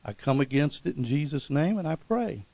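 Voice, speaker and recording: A man's voice: on the high side, big pitch swings, normal speed, gravelly, a little mellow, no room sound, rough recording. A man preaching a sermon as pastor, conversational with many restarts, often asking the congregation for an "Amen?" and building to emphatic repeated exhortations. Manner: preaching with frequent call-and-response "Amen?".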